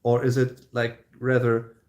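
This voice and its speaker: A man's voice: mid-range voice, completely flat delivery, a little slow, a little mellow, highs cut off. A man with a German accent hosting a casual livestream question-and-answer chat, speaking English as a second language in an easygoing, rambling way with many fillers and restarts. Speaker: host.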